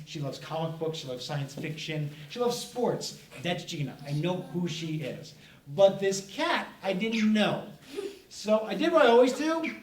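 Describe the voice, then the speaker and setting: Animated man telling stories in an echoey room. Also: fairly high pitch. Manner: animated, playful storytelling. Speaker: comics author presenting. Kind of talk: storytelling presentation to children. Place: festival event room. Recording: echoey room, speaker far from mic, faint noise.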